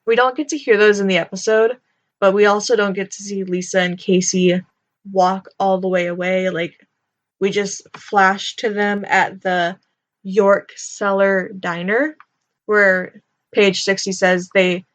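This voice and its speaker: A young woman talks through a book in a loose, conversational way. She leans on filler likes and wanders into nitpicky asides. Her voice sits at an ordinary middle pitch. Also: steady tone, unhurried, muffled recording. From United States. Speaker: book reviewer. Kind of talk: casual commentary.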